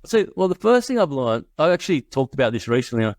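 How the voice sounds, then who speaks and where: A man's voice: medium pitch, sing-song, fast talker, dry recording. A middle-aged man telling business stories in a casual podcast interview, quoting people in voices and laughing often. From Australia. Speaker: guest investor.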